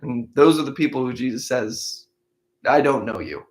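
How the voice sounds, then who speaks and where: A man's voice: medium pitch, normal speed. A man who hosts a daily Bible-reading show, reading verses aloud and then explaining them conversationally while he thinks aloud, with restarts along the way. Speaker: Bible-in-a-year podcast host. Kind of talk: reading scripture aloud, then casual commentary.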